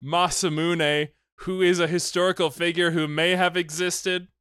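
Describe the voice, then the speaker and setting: Bright, clear-voiced man recapping a film. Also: high voice, flat delivery, moderate pace, no room sound, studio quality. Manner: rambling, swears, acts out characters' lines. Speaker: podcast host recapping a film. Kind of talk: casual comedic film recap.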